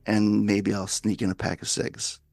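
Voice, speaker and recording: A man's voice: lowish voice, normal speed, gravelly. A man from the New York area hosting a casual podcast, telling stories with swearing and acted-out quotes. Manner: profane, animated storytelling with acted-out quotes. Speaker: podcast host.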